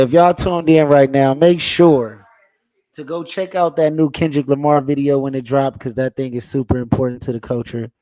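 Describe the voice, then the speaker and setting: A man's voice: medium pitch, dark tone. A man hosting a podcast in a casual, laid-back way, talking straight to his viewers. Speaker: podcast host.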